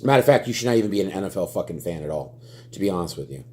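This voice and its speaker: A young man, a sports fan vlogger, delivers an angry fan rant about his team. His low, darkish voice races along with lively intonation, and he swears constantly, stammering and repeating words as he gets worked up.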